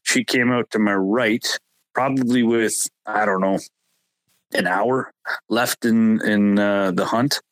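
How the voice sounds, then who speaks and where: A man's voice: on the low side, fairly even intonation, slow, no room sound, low-quality recording. A man casually telling a long hunting story on a talk show, rambling and correcting himself as he goes.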